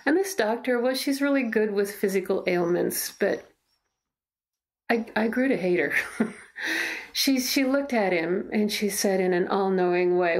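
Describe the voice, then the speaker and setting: A middle-aged woman, a mother, speaking earnestly and reflectively in a documentary interview at home. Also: medium pitch. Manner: earnest, halting, reflective storytelling. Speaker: mother telling her story. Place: in her own home.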